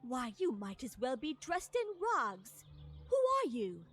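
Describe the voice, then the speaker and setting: A woman's voice: sits high, huge pitch swings, a little slow, a bit bright, full character voice. An actress playing a genteel noblewoman fixated on manners, speaking in a prim, affected, instructive way. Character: genteel etiquette-obsessed noblewoman.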